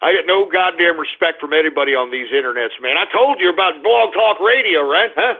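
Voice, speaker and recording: Male talk radio host, high gravelly voice, angry cursing rant, phone-thin sound. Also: animated, a little fast. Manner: angry, cursing, swings between grumbling and shouting. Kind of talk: ranting internet radio talk. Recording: tinny phone-like radio stream.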